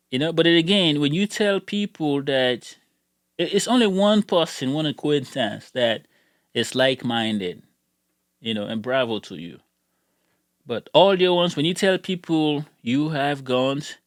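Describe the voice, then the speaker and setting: A man's voice: a little high, a bit bright, no echo, studio quality. A middle-aged man venting in a casual vlog, rambling, heated, and repeating words as he gets worked up. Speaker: gun channel YouTuber.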